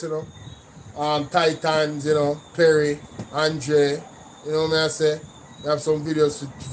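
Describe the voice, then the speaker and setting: A man with a Jamaican accent hosting a casual livestream, animated, mixing patois with English and repeating "you know" often. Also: a little high, a little hiss or hum, low-quality recording. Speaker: livestream host.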